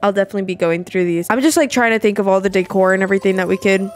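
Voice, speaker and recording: A woman's voice: medium pitch, fairly even intonation, very fast, a little hiss or hum. A young adult woman giving casual gameplay commentary, chatty and exclamatory, swearing and laughing often. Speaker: gameplay video creator.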